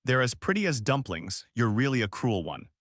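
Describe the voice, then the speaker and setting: A man's voice: medium pitch, big pitch swings, moderate pace, a bit bright, dry recording, clean studio sound. A man voicing a sneering fire demon. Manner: mocking, sneering.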